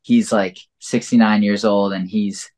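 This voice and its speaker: Male guest with a very low voice, loose and reflective, lots of filler words. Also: level tone, unhurried, darkish tone. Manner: rambling and reflective, heavy use of "like" and "you know". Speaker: podcast guest. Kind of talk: casual conversational interview.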